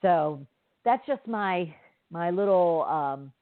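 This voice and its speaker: A woman's voice: fairly low pitch, animated, slow, no echo. A woman podcast host telling a story in a chatty, rambling way with many fillers and asides. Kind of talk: casual storytelling monologue. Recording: dry, tinny phone-like line.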